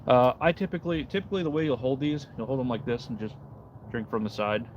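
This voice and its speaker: This livestream host talks fast at a medium pitch, relaxed as he carves outside in the cold and responds to messages he reads aloud from chat. The highs are cut off and background noise comes through.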